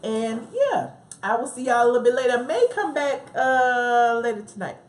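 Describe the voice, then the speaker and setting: A woman's voice: a little high, sing-song, moderate pace. A woman with a Southern US accent hosting a casual live stream from her home office, chatting, laughing often and talking back to her live chat. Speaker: livestream host.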